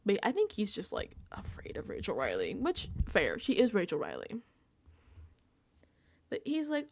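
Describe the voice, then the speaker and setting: A young woman recapping a reality show in casual reaction commentary, animated and laughing with exasperated asides. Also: mid-range voice, normal speed, long pauses.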